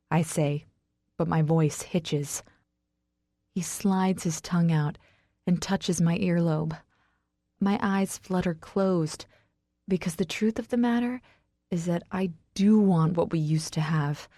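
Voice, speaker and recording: A woman narrating a first-person romance audiobook with emotional delivery that rises to shouts in the dialogue. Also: lowish voice, measured pace, no echo, studio quality.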